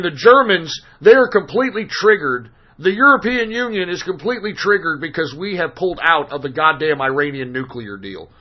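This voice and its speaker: Cursing hoarse radio host guy, fed up and ranting, highish voice, muffled lo-fi audio. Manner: exasperated, profane, ranting. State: hoarse from screaming. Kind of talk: profane talk radio rant. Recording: dull lo-fi stream audio.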